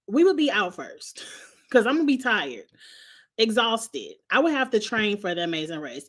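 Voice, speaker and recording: A woman vlogger telling a funny travel story in casual slang, laughing often as she goes. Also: on the high side.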